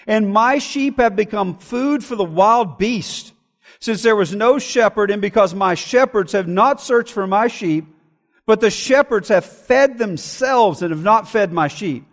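A pastor preaching a sermon with an emphatic, repetitive cadence, reading scripture aloud and expounding on it. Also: male voice, sits high, a little slow. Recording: long hall reverb.

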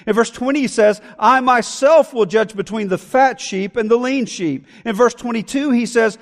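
High-voiced preaching man in a reverberant hall. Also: normal speed, few pauses. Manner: emphatic, repetitive preaching cadence. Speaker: pastor. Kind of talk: sermon.

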